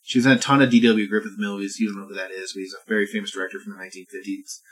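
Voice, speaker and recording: A man co-hosting a podcast in casual chat, excitedly retelling a movie, swearing and acting out lines in voices. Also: lowish voice, very fast, breathy edge. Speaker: podcast co-host.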